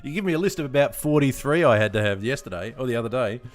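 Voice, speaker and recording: A man streaming a game live, chatting with viewers, laughing often and reacting out loud. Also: medium pitch, expressive, fast. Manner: laughs often, chats to viewers while playing. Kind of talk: casual live-stream chat. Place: home room.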